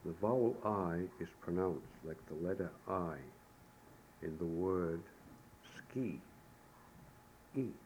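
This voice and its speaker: Male pronunciation teacher, low and mellow, slow and patient repetition, faint hiss. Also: poor audio. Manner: slow and repetitive, modeling each word twice. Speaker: language teacher. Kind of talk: pronunciation lesson.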